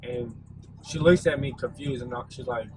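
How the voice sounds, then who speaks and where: A man's voice: mid-range voice, moderate pace, music in the background, low-quality recording. A young man casually telling a storytime vlog, laid-back and rambling with lots of fillers. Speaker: vlogger. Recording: audible background noise.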